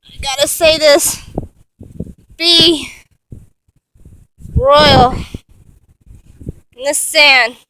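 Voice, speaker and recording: A woman's voice: high-pitched, fairly even intonation, extremely slow, pauses often, rough recording. A woman filming a casual walking vlog on a beach with her phone on a selfie stick, gushing and exclamatory. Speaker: vlogger. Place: outdoors on a beach. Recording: loud wind noise on phone.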